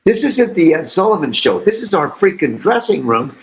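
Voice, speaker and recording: An older man, a musician guest, telling animated stories in an interview with frequent laughter. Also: a little high, normal speed. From St. Louis, USA. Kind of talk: storytelling interview. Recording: dull lo-fi audio.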